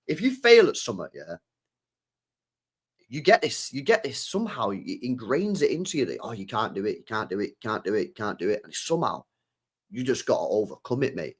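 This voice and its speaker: Young guy, livestream host, mid-pitched, slangy, repeats himself, calls everyone mate. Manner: slangy, repeats phrases, animated, tags lines with mate and bro. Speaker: football channel host. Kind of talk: casual livestream chat reading super chats.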